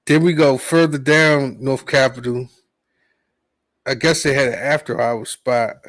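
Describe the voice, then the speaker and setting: A man's voice: medium pitch, steady tone, a little slow, a bit bright, no echo, rough recording. Laid-back man on a dry mic. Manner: laid-back storytelling, quoting himself under his breath. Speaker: podcast co-host. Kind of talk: casual podcast chat.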